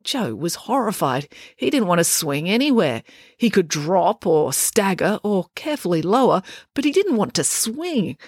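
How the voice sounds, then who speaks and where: Expressive woman reading a children's story. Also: medium pitch, moderate pace, husky, no echo, studio quality. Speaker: author and narrator.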